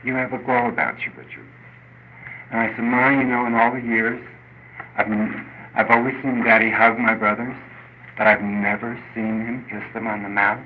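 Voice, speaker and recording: An older man speaking at a recovery meeting, telling a personal story in an earnest, halting way with many restarts. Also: on the low side, flat delivery. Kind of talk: personal testimony. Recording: dull lo-fi recording with faint noise.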